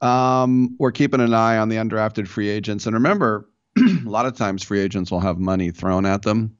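A man's voice: fairly low pitch, lively intonation, normal speed, no echo, highs cut off. A man hosting a sports radio show, talking in a loose, chatty way with jokey asides. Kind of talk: casual talk radio interview.

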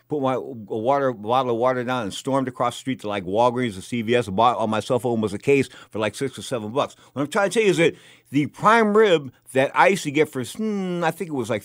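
A man's voice: no echo, studio quality. Rambling, emphatic man telling stories. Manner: rambling, emphatic, gets loud and high when worked up. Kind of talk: storytelling monologue.

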